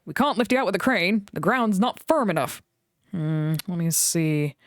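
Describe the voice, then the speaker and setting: A woman voicing a stern, portly male railway boss in a storybook reading, speaking slowly with measured authority. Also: lowish voice, expressive, dry recording, studio quality, close to an everyday voice.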